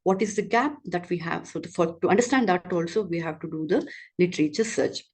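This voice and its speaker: A woman's voice: lowish voice, brisk, darkish tone, slightly rough. A woman with an Indian English accent, giving an online lecture to medical students, explaining step by step and answering her own questions. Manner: frequent fillers and repeated words.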